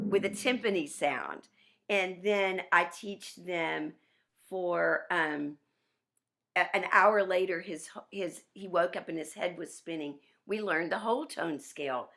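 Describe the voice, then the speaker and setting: A woman piano teacher giving a workshop over a video call, chatty and animated, with restarts. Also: fairly low pitch, slow pace, creaky.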